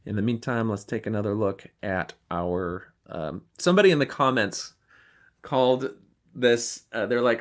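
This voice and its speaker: Male podcast host, mid-pitched voice, relaxed critical commentary. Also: normal speed. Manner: conversational and critical, with ums and throat-clearing. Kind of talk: casual commentary.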